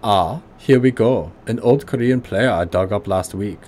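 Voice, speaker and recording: A man voicing a stout, gruff but kindly old tinkerer with a heavy put-on German accent, reading game dialogue. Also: on the low side, unhurried, darkish tone, a little hiss or hum, close to an everyday voice. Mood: gruff friendly.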